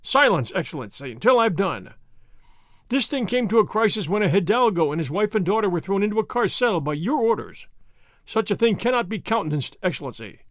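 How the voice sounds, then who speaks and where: A man voicing the proud leader of young noble horsemen, speaking sternly and forcefully. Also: sits high, very animated, brisk, dry recording, clean studio sound.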